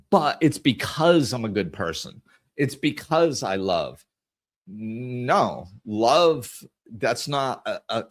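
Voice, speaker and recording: A middle-aged man with a somewhat low voice talks in a reflective, earnest monologue. He quotes scripture and circles back on himself, repeating words and correcting his phrasing as he works through his thoughts. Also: a bit bright. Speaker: podcast host.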